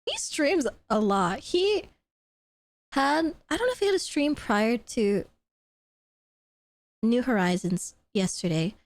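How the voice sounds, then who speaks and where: A young woman streams and chats, excitable and gushing, often breaking into laughter and swearing casually. Her voice sits high and swings widely in pitch. The sound is dry and close. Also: takes it slowly, pauses often, no room sound. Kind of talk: casual live-stream chat.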